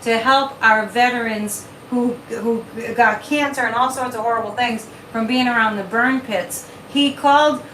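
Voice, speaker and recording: Brief: high, bright-voiced woman hosting a live chat stream, animated and repetitive. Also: normal speed, few pauses, slight background noise. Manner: animated, repeats words, reads viewer comments. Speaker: psychic livestream host. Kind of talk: casual livestream chat. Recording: echoey room, mic at a distance.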